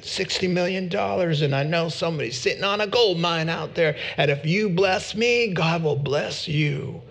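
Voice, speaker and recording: A man voicing a greedy male TV preacher with a Southern US accent and a wheedling fundraising pitch. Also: gravelly, fairly bright tone, heavily acted.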